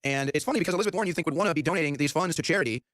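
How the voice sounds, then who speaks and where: A male host fires off sarcastic, excited commentary and acts out quotes. His voice sits somewhat high. The studio sound is very dry. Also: racing, no room sound. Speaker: show host. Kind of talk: talk-show commentary.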